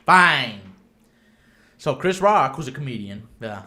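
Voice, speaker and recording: A man's voice: medium pitch, sing-song, slow, sharp tone, roomy sound. A man chatting casually on a podcast, telling a story with animation, acting out what others said and switching between Spanish and English mid-sentence. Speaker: podcast host. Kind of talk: casual chat.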